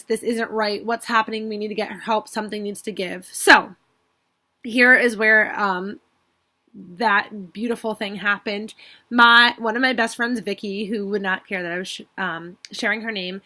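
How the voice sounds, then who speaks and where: A woman's voice: medium pitch, bright, forceful tone. A young woman vlogger talking earnestly and tearfully to her viewers, now and then apologizing for rambling. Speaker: beauty vlogger. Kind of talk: emotional personal vlog.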